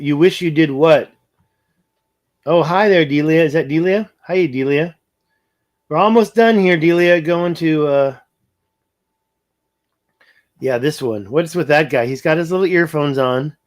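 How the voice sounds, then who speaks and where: A man with a slightly high voice hosts a casual livestream, speaking a little slowly and pausing often. He rambles and thinks aloud while panning over a map and reading comments from his viewers.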